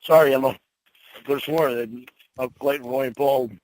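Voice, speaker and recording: A man talking on a phone call, gruff, confused and swearing a lot. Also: mid-range voice, steady tone, normal speed, darkish tone, no echo. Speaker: call recipient. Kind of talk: phone conversation.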